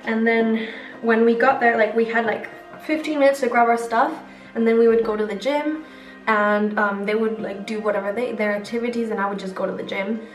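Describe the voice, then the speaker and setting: This young adult woman talks through her makeup routine in a rambling, filler-heavy get-ready-with-me vlog. She speaks briskly, her voice on the high side and her intonation fairly even. Faint music plays, and the distant mic picks up a roomy echo.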